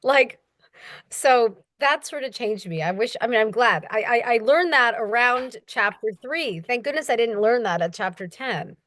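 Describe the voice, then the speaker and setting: A young woman speaks in a relaxed interview, telling stories about narrating an audiobook. She animates quoted voices with sudden high jumps in pitch. The sound is close and dry, with no room around her. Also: normal speed, hardly any pauses, no echo. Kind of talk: casual interview talk.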